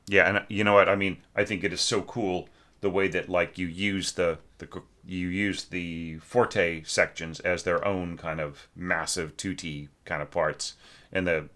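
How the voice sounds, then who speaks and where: A man's voice: deep voice, steady tone, a little slow, pushed and bright. A man giving a loose, rambling spoken critique of a student's orchestration, full of fillers and sung musical figures. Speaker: orchestration teacher.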